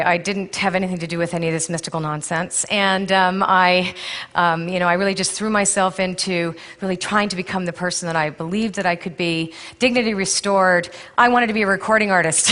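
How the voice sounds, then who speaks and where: A woman's voice: mid-range voice, a bit bright. A middle-aged woman giving a candid, storytelling conference talk to a live audience, laughing often as she speaks. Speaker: intuitive counselor and speaker. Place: stage in a large hall. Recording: long hall reverb.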